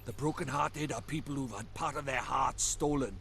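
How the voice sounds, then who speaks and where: A man's voice: mid-range voice, steady tone, moderate pace, gravelly, crowd noise, close to an everyday voice. An actor with a Welsh accent voicing a cheeky, chatty little male fairy sidekick in a video game, brash and impatient. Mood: explaining.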